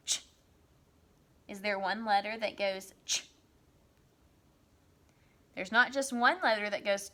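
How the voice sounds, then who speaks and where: A woman's voice: medium pitch, sharp tone. Encouraging woman teacher stretching out sounds. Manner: slow, stretched-out sounding of words; encouraging, reassuring. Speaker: first grade teacher. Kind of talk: recorded remote writing lesson for young children.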